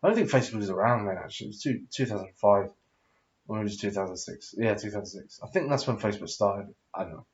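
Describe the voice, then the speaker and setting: A man's voice: fairly low pitch, fast talker, lo-fi sound. A tipsy man in his thirties telling a rambling, sweary story full of fillers and hesitations. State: tipsy after drinking. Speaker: vlogger.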